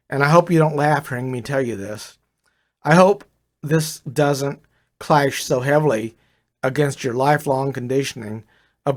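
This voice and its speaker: Older man reading his own story aloud. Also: medium pitch. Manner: confiding, addresses listener as brother. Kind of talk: first-person story reading.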